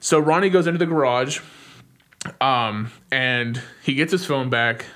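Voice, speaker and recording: A young adult man co-hosting a podcast, retelling a film's plot in casual chat, full of "like" fillers and quick acted-out lines. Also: medium pitch, a bit bright. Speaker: podcast co-host. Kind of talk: casual movie recap.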